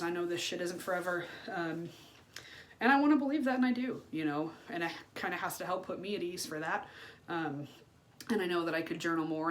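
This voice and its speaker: A woman's voice: on the low side, a little hiss or hum. A woman in her thirties speaking frankly in a personal vlog, swearing freely, with lots of ums and asides. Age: 30s. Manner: frank and unfiltered, swears freely, many fillers. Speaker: vlogger. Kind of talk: candid personal vlog monologue.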